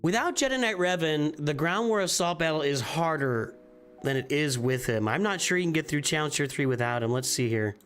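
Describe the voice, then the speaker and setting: An animated, brisk man with a fairly bright voice on the high side reviews viewers' game rosters live. He thinks aloud casually, restarting and repeating himself, over faint music.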